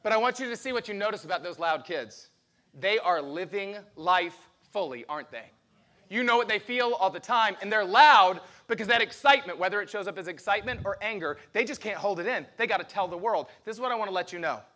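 A man preaching a lively sermon as pastor, asking the congregation questions. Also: high-pitched, fairly quick.

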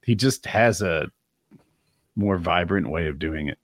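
Low-voiced man in casual chat. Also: expressive, unhurried, dry recording, studio quality. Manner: conversational, swears casually.

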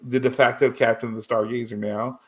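A man's voice: mid-range voice, flat delivery, brisk. A man recapping a TV episode in casual chat, rambling with many restarts and fillers, getting emotional. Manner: rambling, full of "you know" and restarts, emotional.

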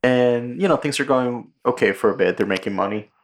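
A man co-hosting a podcast, casually retelling a movie plot with lots of swearing and quick character voices. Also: mid-range voice, slight background noise. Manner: profane, animated storytelling with quick character impressions. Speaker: podcast co-host.

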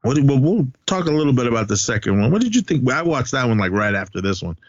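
A man's voice: medium pitch, sing-song, fast talker, dry recording, muffled recording. Rambling, laughing man recapping a movie. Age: adult, has a son. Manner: rambling, laughs often, acts out movie quotes. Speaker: podcast co-host. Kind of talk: casual movie recap chat.

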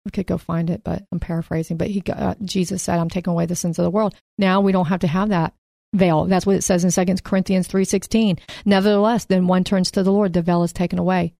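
A woman co-hosting a podcast, chatting casually through a Bible study, slowing down to read scripture and laughing easily along the way. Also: lowish voice, level tone, vocal fry, warm tone, dry recording, studio quality. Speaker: podcast co-host.

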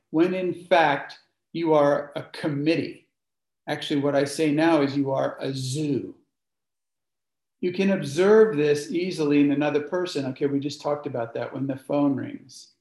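A man's voice: on the high side, a little mellow. A man leading a workshop, speaking informally and asking the group questions. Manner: conversational, asks the audience questions. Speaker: workshop leader. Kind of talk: informal teaching talk to a group. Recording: echoey room.

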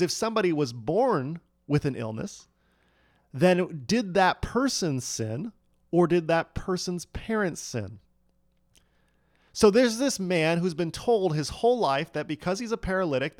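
A man preaching a sermon, his voice sitting a little high for a man. He tells the story with big swings between loud peaks and hushed lines. The sound is dry and close, with almost no room echo. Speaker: pastor. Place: church hall.

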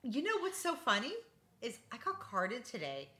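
Lively bright-voiced woman in her forties. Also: a little high, moderate pace. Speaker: podcast co-host. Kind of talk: casual chat.

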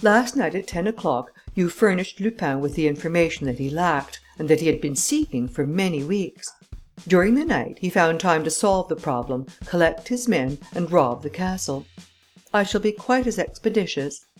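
A woman voicing a businesslike English male detective who speaks in a dry, crisp, clipped way. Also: lowish voice, expressive, moderate pace, faint music behind.

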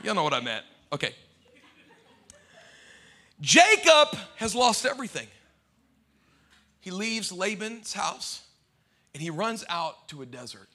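Lively, bright-voiced male preacher. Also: high voice, takes it slowly, pauses often. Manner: animated, humorous preaching with sudden loud and soft swings. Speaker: pastor. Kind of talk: sermon. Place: church before a live congregation.

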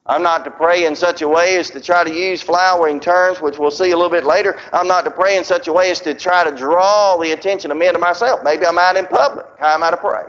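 A man preaching a sermon. He reads scripture slowly and swings between loud, raised emphasis and low, quiet drops. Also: steady tone. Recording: dull lo-fi sound.

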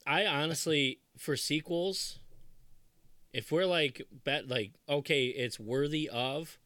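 A man in his thirties co-hosting a casual podcast chat, animated and laughing often, quoting movie lines in put-on voices. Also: on the high side, slow, no echo. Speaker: podcast co-host.

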